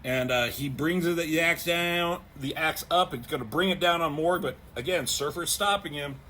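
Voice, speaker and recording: A man retelling a comic in a loose, rambling way, with frequent swearing and plenty of fillers. His voice sits a bit high for a man. Faint ambient noise hums behind him. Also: moderate pace, bright, forceful tone. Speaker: comic book reviewer.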